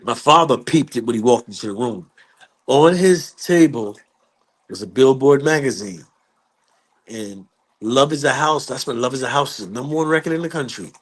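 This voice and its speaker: A man in an interview telling a story with lively energy, acting out the voices of the people in it. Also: mid-range voice, moderate pace. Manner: acts out quoted voices, curses, lively delivery. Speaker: guest musician. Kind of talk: animated storytelling.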